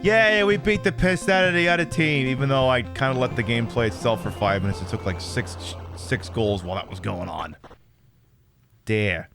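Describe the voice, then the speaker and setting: A man's voice: mid-range voice, moderate pace, gravelly, over music. A man streaming a video game, trash-talking the opponents with lots of swearing. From United States. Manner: trash-talking, profane, excitable. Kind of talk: live gameplay commentary.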